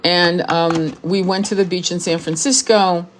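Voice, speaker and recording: Here a woman in her sixties speaks at a measured pace in a lowish, fairly flat voice, with a little noise in the background. She's a spiritual teacher who reads tarot, addressing the camera frankly, cursing freely and restating things for emphasis.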